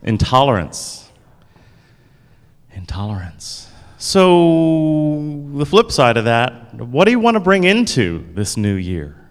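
A man's voice: mid-range voice, very animated, takes it slowly, clear, resonant tone. A man leading a church service, playfully asking the congregation questions and answering their replies. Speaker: pastor. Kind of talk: sermon. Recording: reverberant hall.

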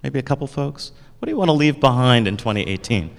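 A man's voice: medium pitch, expressive, fast, vocal fry, slight background noise. A man leading a church service, playfully asking the congregation questions and answering their replies. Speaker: pastor. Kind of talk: sermon. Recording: reverberant hall.

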